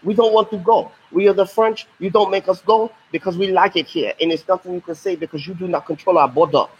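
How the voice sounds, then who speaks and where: A man's voice: high voice, steady tone, fast, highs cut off, a little hiss or hum, pitched above the performer's own voice, natural voice. A man playing defiant French settlers. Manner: stubborn, defiant.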